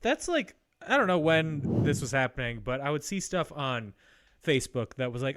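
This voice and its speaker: A man's voice: a little high, big pitch swings, moderate pace, fairly bright tone, no room sound, studio quality. An American man hosting a movie podcast, talking in a put-on Australian accent in casual, jokey chat. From United States. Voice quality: exaggerated jokey delivery. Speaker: podcast host.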